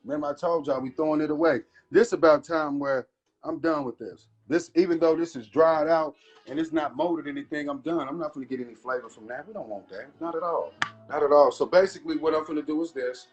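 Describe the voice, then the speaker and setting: A man's voice: fairly high pitch, brisk, a little mellow, lo-fi sound. A man hosting a casual cooking show from his home kitchen, chatting loosely and talking straight to his viewers. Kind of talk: casual live cooking chat. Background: faint jazz music.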